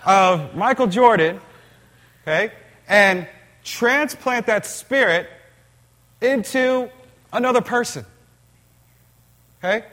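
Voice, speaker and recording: A male pastor delivering a sermon in a church. He preaches in an animated, conversational way. He often turns to the congregation with questions. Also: high voice.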